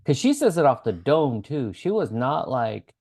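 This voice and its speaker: A man's voice: medium pitch, big pitch swings, normal speed, darkish tone. A man co-hosting a casual podcast recapping a TV show, talking expressively, swearing freely and laughing as he acts out quotes. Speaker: podcast co-host.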